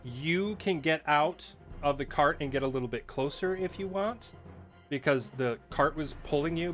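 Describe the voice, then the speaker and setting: A man's voice: on the high side, a bit bright. A man running a tabletop game as dungeon master, patiently explaining the rules with lots of fillers.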